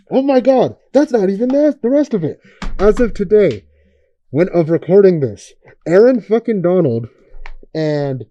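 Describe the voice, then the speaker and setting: A man's voice: a little high, dark tone, dry recording. A young man hosting a podcast, ranting in a casual, profane way and firing off rhetorical questions. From Oakland area. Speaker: podcast host.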